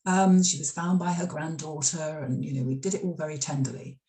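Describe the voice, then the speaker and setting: Mellow-voiced woman in an echoey room. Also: deep voice, steady tone, a little fast. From United Kingdom. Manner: chatty storytelling with many fillers and restarts. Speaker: author and former radio drama scriptwriter. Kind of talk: interview at a library talk. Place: library event room.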